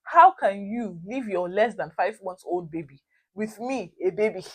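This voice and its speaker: A young woman, telling a personal story to her viewers in a lively, expressive way. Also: medium pitch, moderate pace, breathy edge. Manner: animated, expressive storytelling with frequent laughter. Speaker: vlogger. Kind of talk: casual storytime.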